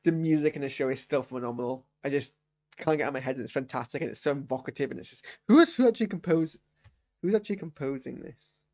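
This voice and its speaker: A man's voice: mid-range voice, quick pace, darkish tone. A young man giving a live reaction review of a TV episode, rambling, self-interrupting and often exasperated. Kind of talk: live post-watch reaction.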